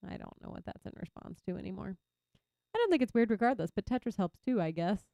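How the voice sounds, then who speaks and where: A young Texan woman streaming a game and chatting casually, reacting loudly to her viewers. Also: mid-range voice, big pitch swings, fast talker, vocal fry, no echo. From Texas. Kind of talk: casual chat while gaming.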